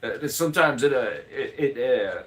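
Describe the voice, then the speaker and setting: A man's voice: mid-range voice, animated, normal speed, fairly bright tone, a little hiss or hum. A man from the United States who runs the chat on a live cooking stream, rambling and joking and laughing often. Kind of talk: casual livestream chat.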